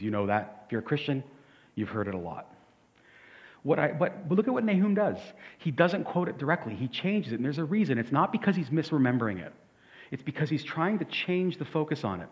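A male pastor delivers an emphatic, conversational sermon and keeps asking the room rhetorical questions. His voice carries a long hall reverb that trails after each phrase. The audio is dull and muffled, as if from a lo-fi church recording. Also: mid-range voice. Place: church sanctuary.

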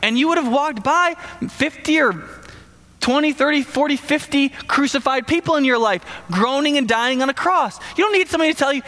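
A man preaching a sermon in a conversational, animated way, speaking directly to the congregation. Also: extremely high pitch, brisk. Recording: long hall reverb.

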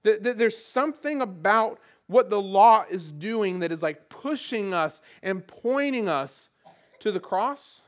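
A middle-aged man with a Southern American accent, preaching a conversational sermon and often repeating words as he restarts a phrase. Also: sits high. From Southern United States. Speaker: pastor.

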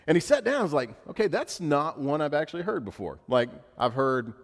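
A male pastor gives a casual, joking sermon and tells stories in a relaxed, chatty way. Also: fairly high pitch, a little fast, big-room sound. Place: church sanctuary.

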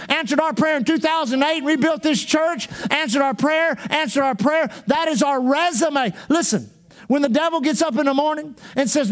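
A male pastor preaching a fervent sermon, driving points home with repetition and bursts of shouting. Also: extremely high pitch.

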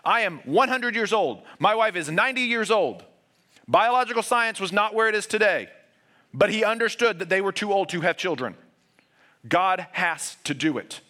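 A man preaching a sermon as pastor, earnest, moving between raised urgent passages and hushed, low emphasis. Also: expressive, moderate pace.

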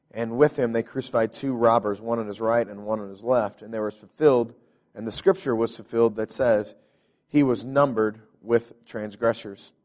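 A man's voice: fairly low pitch, darkish tone. A man preaching a sermon as a pastor, reading scripture aloud and explaining it in an earnest manner, often repeating words as he builds toward emphasis. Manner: earnest, repeats words when stressing, rises in intensity.

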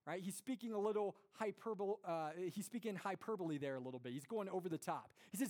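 A young man giving an earnest, conversational sermon to a congregation, with lively storytelling and rhetorical questions. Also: high voice, fast, few pauses. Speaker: pastor.

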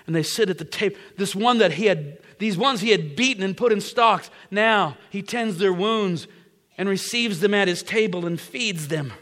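High-voiced dramatic preacher. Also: male voice, moderate pace, in a large hall. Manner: dramatic, repeats phrases, swings from whispers to loud. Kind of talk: sermon storytelling.

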